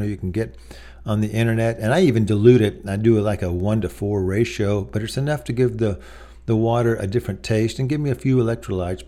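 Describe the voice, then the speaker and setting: A man's voice: fairly low pitch, mellow. A middle-aged man preaching a sermon in a conversational way, telling personal stories with many asides. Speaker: pastor.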